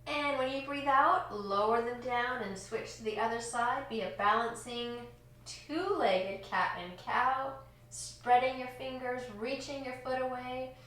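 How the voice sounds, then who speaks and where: Gentle woman guiding a kids yoga class. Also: on the high side. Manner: gentle, encouraging, slow cues timed to breath. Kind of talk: guided kids yoga lesson. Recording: echoey room, distant from mic.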